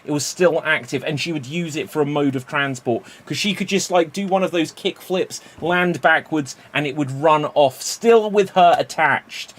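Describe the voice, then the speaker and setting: Rambling, playful male improv host. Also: on the high side. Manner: rambling, self-correcting, playful. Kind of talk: hosting a live-streamed improv game.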